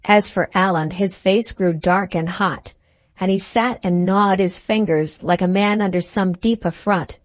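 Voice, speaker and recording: A woman narrating an adventure novel audiobook in a steady, measured reading. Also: medium pitch, no echo.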